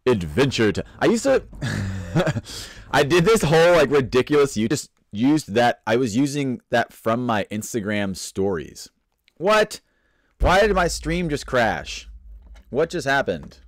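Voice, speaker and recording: A man's voice: mid-range voice, big pitch swings, a little slow, no echo, studio quality. Playful rambling man hosting a live stream. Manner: playful, rambling, self-mocking, reads out chat comments. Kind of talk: casual live stream chat, greeting viewers.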